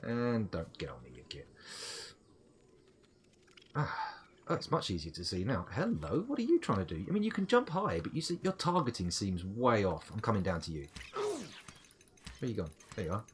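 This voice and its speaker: Middle-aged gaming streamer, low voice with lively swings, playful running commentary, light music bed. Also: male voice, normal speed, long pauses, a little hiss or hum. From United Kingdom. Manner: chatty, playful, talks to game creatures and himself. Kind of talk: live gameplay commentary.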